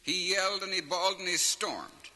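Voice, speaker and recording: A man's voice: high-pitched, moderate pace. A man telling comic stories as a live stand-up act. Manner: animated storyteller who laughs at his own punchlines. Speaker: comedian telling jokes. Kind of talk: stand-up joke telling on record. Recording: vinyl transfer with long hall reverb and faint hiss.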